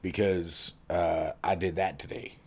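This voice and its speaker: A man's voice: sits low, level tone, unhurried, a little mellow. A man hosting a podcast in casual, joking, rambling chat. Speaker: podcast host.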